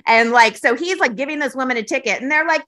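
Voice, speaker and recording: A woman chats as a podcast guest, rambling and sarcastic with plenty of swearing. Her voice is high and bright. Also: quick pace. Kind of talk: casual podcast chat.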